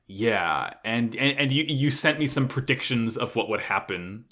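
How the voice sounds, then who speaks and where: Excitable, profane male podcast co-host. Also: medium pitch, a little slow. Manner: profane, excitable, voices characters loosely. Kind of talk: casual anime recap chat.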